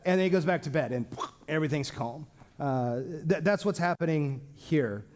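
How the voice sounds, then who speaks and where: Higher-pitched man teaching a Bible class. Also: moderate pace. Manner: lively, joking, acts out quoted speech. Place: church classroom with a small group.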